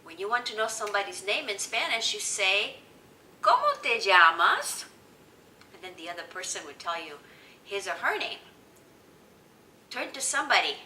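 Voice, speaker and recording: A woman's voice: mid-range voice, pushed and bright, distant mic, slight background noise. Sing-song woman teacher in echoey room. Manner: slow, sing-song, exaggerated prompts for repetition. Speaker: children's Spanish teacher. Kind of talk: lively teaching to children. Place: indoor room, teaching with picture cards.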